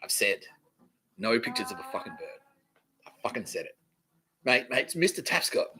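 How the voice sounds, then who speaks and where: A man's voice: mid-range voice, sing-song, normal speed, bright, forceful tone, poor audio. Rambling, profane Australian man. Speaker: podcast host. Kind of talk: rambling solo monologue.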